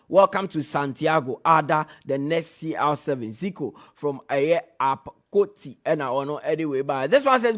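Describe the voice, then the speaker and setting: A man with a Ghanaian accent hosts a sports radio show from the studio, reading listener messages on air. His voice sits a little on the high side. He raises it to read each message and lowers it to add his own remarks. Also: lively intonation, normal speed, few pauses. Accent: Ghanaian English.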